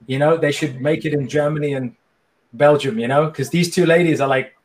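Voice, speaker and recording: Playful, high-voiced male guest. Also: brisk. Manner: joking, playful, energetic. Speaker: coach and guest. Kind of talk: casual interview chat.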